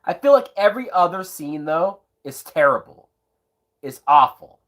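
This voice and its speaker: A man's voice: a little high, very animated, moderate pace, a bit bright. A tipsy man giving sarcastic, profanity-laced live commentary while watching a movie, breaking into whooping laughs. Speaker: movie reviewer.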